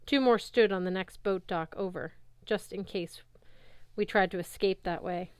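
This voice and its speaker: Smooth-voiced woman reading a novel aloud. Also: mid-range voice, moderate pace, no room sound. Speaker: audiobook narrator. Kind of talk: audiobook narration.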